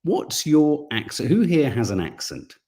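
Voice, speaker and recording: A man's voice: a little high, sing-song, measured pace, mellow. A middle-aged man, co-hosting a casual live stream, chatting and reading viewer comments while thinking aloud with frequent restarts.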